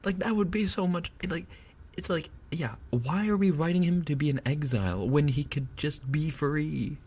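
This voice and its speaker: A man's voice: on the high side, moderate pace, a little mellow, breathy edge. A man streaming live, ranting casually and with exasperation, swearing and laughing as he goes. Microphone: binaural dummy-head mic.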